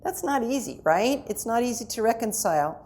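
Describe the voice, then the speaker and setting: A middle-aged woman giving a conversational lecture to parents at a conference, with lively asides to the audience. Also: on the high side, brisk. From United States. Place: conference hall.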